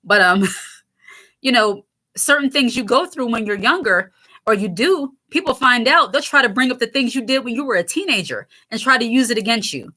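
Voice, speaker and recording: A woman in her late thirties hosts a casual livestream and talks straight to her viewers in a chatty, candid way. Her voice sits fairly high and sounds bright and forward. She laughs easily as she goes. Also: expressive, moderate pace. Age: 30s. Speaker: channel host reading viewer comments.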